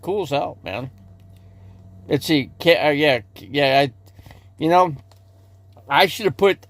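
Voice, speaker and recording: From inside his RV, a man with a mid-range voice livestreams casual chat with no room sound. He rambles to viewers in the chat, often restarting sentences and repeating words.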